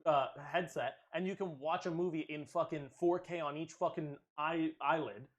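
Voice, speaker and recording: A man co-hosting a podcast in casual chat, animated and swearing freely as he riffs. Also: fairly high pitch, normal speed. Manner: animated, swearing, laughing often. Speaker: podcast co-host.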